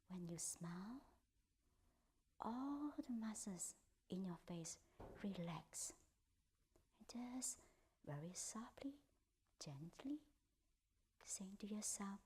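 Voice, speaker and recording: A woman leading a guided meditation in a soft, gentle voice that often drops to a half-whisper, with simple, repetitive instructions. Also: medium pitch, a little hiss or hum. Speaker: meditation teacher.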